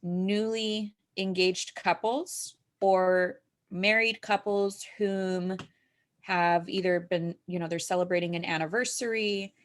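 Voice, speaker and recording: Chatty low-voiced woman co-host. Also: steady tone, takes it slowly. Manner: chatty, with filler words and frequent laughter. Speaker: co-host of a moms' group update. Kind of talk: casual chat.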